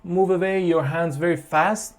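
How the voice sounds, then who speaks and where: A piano teacher who explains a beginner piece in a slow, halting way, with frequent fillers and restarts. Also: medium pitch, fairly even intonation. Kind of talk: online piano tutorial.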